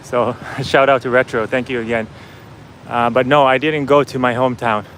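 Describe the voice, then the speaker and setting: A man's voice: mid-range voice, steady tone, normal speed, fairly bright tone, a little hiss or hum, rough recording. A man vlogging casually as he walks outdoors, chatting with his viewers and laughing easily. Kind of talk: casual walking vlog. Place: outdoors on a busy city street.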